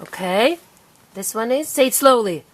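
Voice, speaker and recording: A young woman patiently teaching her small child to read, sounding out each word slowly and clearly. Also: on the high side, expressive. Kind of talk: reading lesson with a preschooler.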